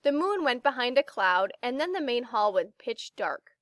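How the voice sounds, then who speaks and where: Woman narrator, storybook read-aloud, expressive, dry close sound. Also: a little high, moderate pace, no echo. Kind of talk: children's book read-aloud.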